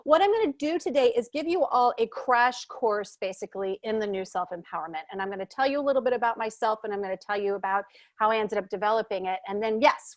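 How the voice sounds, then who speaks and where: A woman's voice: fairly high pitch, no echo. Earnest woman presenting in a dry recording. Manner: earnest, searching, many restarts. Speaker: guest speaker, self-help teacher. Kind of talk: webinar presentation.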